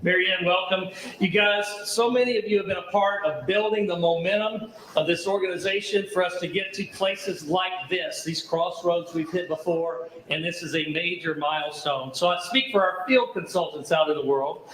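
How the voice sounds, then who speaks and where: A man's voice: high voice, normal speed, fairly bright tone, roomy sound, a little hiss or hum, rough recording. A middle-aged man from the American South, a charity founder giving an enthusiastic, folksy welcome speech at an event. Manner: enthusiastic, folksy, rhetorical questions.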